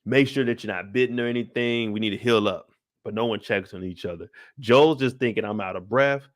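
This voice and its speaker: A man's voice: mid-range voice, brisk, no room sound, clean studio sound. A young adult man recapping a TV episode in casual, profane commentary. He acts out the scenes with voices and sound effects, and sounds tired, sighing between lines. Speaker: YouTube show recap host.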